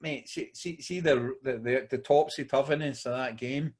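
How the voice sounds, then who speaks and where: A man's voice: mid-range voice, fairly even intonation, moderate pace, darkish tone, breathy edge. A Scottish man co-hosting a podcast, rambling through a long story in casual chat and calling his friend mate. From Scotland. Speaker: podcast co-host.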